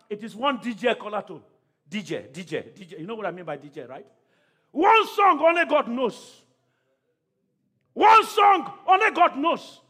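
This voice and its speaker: A man preaching a sermon to a church congregation, calling out questions to the crowd and often shouting. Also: very high-pitched. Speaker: pastor.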